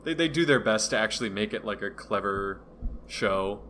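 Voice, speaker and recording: A man's voice: on the low side, expressive, normal speed, sharp tone, slight background noise. A man from rural Wisconsin co-hosting a casual podcast, laughing easily and rambling with fillers. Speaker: podcast co-host.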